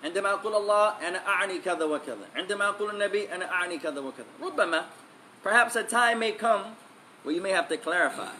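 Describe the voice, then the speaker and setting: A high-voiced man teaches a religious lesson as an Islamic teacher, speaking in a rapid-fire, bright, forceful tone over slight background noise. Emphatic throughout, he repeats key phrases and moves between English and Arabic recitation.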